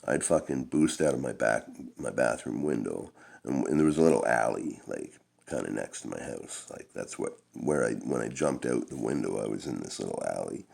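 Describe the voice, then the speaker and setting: Gravelly deep-voiced man rambling. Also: lively intonation, normal speed, darkish tone, slight background noise. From Canada. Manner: long-winded, profane, laid-back. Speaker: storyteller. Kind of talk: rambling personal storytelling.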